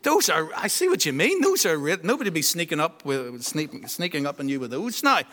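Pastor, man, high voice, quizzing kids into a handheld mic, long church reverb. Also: big pitch swings, a little fast. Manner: warm, teasing, quizzes children. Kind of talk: children's talk in a church service. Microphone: handheld microphone passed around.

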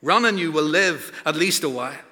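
A man voicing a medieval warrior chief rallying his frightened army, declaiming loudly. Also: on the high side, lively intonation, fairly quick, in a large hall. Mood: rousing. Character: rousing medieval male warrior chief addressing troops.

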